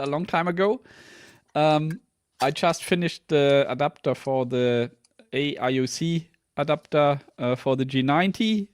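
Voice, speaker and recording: A man's voice: mid-range voice, no room sound, studio quality. A man co-hosting, describing his week in a plain, technical, matter-of-fact way. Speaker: co-host. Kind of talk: casual chat.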